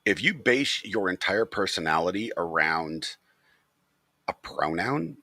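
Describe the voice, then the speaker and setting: A man's voice: low-pitched, animated, a little slow, sharp tone, no room sound, clean studio sound. A man hosting his channel, talking straight to the camera in a blunt, profane, opinionated rant. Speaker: channel host.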